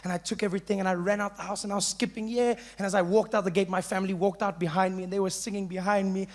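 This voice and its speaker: A young South African man doing animated stand-up storytelling, acting out voices as he goes. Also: sits high, rapid-fire, few pauses, slight background noise. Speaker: stand-up comedian.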